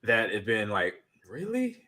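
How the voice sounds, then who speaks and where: A man hosts a casual gaming podcast with a bright, forward voice. He tells stories in an animated way and reads chat comments aloud. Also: mid-range voice, moderate pace. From United States. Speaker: podcast host.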